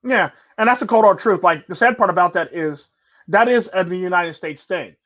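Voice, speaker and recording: A man's voice: high-pitched, normal speed, a bit bright, lo-fi sound. A man hosting a casual chat, talking bluntly and rambling with repeated stock phrases. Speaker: podcast host.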